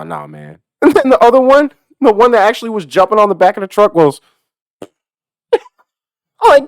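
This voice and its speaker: Foul-mouthed man ranting with lively swings. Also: high-pitched, no room sound, studio quality. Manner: swears constantly, animated, laughs at his own story. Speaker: delivery driver. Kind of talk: profane storytelling rant.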